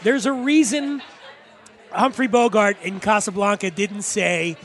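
A man co-hosting a casual podcast chat, animated and laughing as he explains with punchy asides. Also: high-pitched, a little slow, a faint crowd. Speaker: podcast co-host, spirits expert.

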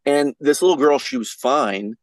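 A man's voice: mid-range voice, moderate pace, dry recording, low-quality recording. A man guesting on a podcast, telling a folksy, rambling story in casual chat with lots of fillers.

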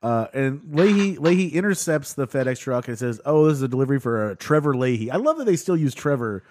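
A man's voice: medium pitch, sing-song, fast talker, darkish tone, slight background noise. A man co-hosting a casual podcast, retelling scenes with many fillers and laughs. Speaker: podcast co-host recapping a show. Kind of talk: casual chat.

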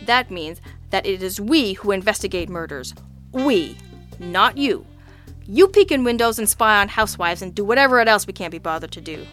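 A woman voicing a gruff, blustering male homicide lieutenant who bellows and grumbles testily in an audiobook. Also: medium pitch, animated, normal speed, a bit bright, faint music behind, natural voice. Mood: testy. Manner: bellowing, testy, exasperated. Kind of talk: audiobook character voice.

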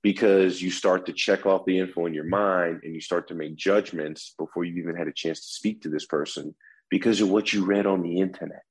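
A man's voice: sits low, fairly even intonation, brisk, slightly rough, rough recording. A man who teaches negotiation, explaining his methods as an interview guest and often restarting with repeated words. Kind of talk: instructive interview talk.

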